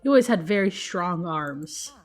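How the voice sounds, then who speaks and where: A woman voicing a warm, corny middle-aged single dad in a video game, with dorky jokes and a mock announcer tone. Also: on the low side, lively intonation, normal speed, voice pushed down. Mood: fond.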